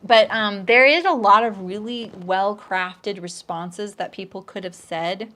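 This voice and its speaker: A middle-aged woman hosts a live sewing stream, chatting and joking with viewers and reading out their comments, often dropping into quiet asides. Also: unhurried, slight background noise. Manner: chatty and joking, lots of restarts, often drops into a low aside. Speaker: sewing pattern designer hosting a live stream.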